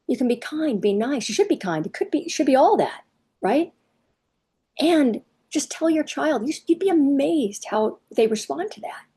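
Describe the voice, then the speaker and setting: A woman's voice: high-pitched, expressive, moderate pace, dark tone. A middle-aged woman parenting coach talking casually to camera, chatty and emphatic, firing off rhetorical questions. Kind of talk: casual advice talk to camera.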